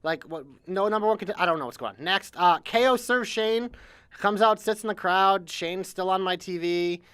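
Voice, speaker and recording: A man's voice: high-pitched, normal speed, fairly bright tone, clean tone. A man co-hosting a wrestling podcast, chatting casually with sarcastic, dismissive remarks. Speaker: podcast co-host.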